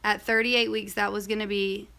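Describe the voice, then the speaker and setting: A young woman chats her way through a personal story, rambling and full of asides. Her mid-range voice carries a gravelly fry that shows up often. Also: medium pitch, level tone, normal speed, bright, forceful tone. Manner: chatty, rambling, many fillers and asides. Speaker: vlogger. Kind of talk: casual storytelling vlog.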